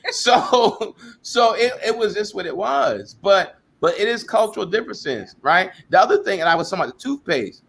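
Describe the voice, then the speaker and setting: A middle-aged pastor from New York talks through his points in a conversational sermon style, with a fairly high voice. He repeats himself and breaks into loud, animated bursts when he tells a story. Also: normal speed, vocal fry, slightly rough.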